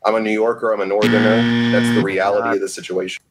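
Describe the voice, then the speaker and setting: Low, quick-talking man; defensive, insistent podcaster in loose banter. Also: fairly even intonation, over a noisy crowd. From upstate New York. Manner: defensive, insistent, repeats himself.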